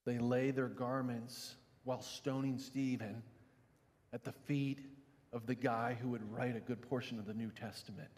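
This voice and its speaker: A pastor giving a sermon, dropping to quiet, low reflection and rising to loud, emphatic preaching. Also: male voice, fairly even intonation, normal speed, long reverb tail.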